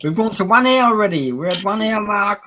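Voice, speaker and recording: A man's voice: sits high, expressive, fairly quick, lo-fi sound, background noise. A man with an Australian accent doing rambling, laugh-filled casual commentary on a live stream. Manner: rambling, laughs often, restarts.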